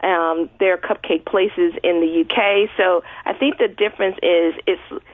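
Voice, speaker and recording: A woman's voice: lowish voice, fairly even intonation, measured pace, no room sound. A woman guest talking in a chatty way with many fillers on a casual radio interview. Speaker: guest blogger. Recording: dry tinny phone-like line.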